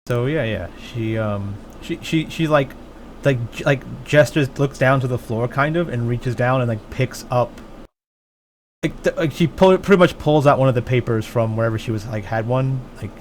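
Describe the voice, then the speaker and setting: A man's voice: medium pitch, normal speed, slight background noise. A man playing a tabletop game who rambles casually and fills his speech with filler words. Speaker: player.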